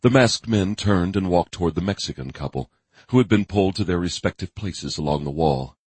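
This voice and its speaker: Deep husky male audiobook narrator. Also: animated, a little mellow, no echo. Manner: measured storytelling with vivid emphasis. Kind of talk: scripted narration of a dark thriller.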